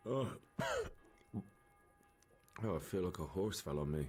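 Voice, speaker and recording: A husky, weary young blacksmith. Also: male voice, deep voice, animated, measured pace, darkish tone, heavily acted. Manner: weary, earnest. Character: young wounded blacksmith, weary but determined. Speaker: video game character. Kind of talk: game voice acting.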